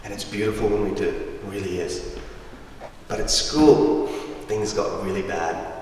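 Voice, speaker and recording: A young man from Afghanistan giving a lively, humorous storytelling talk as a guest speaker in a school hall, heard through a distant microphone. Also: low voice, unhurried, a little hiss or hum. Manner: lively, humorous, acts out voices of people in his stories. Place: large school hall with audience. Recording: roomy echoey hall from far off.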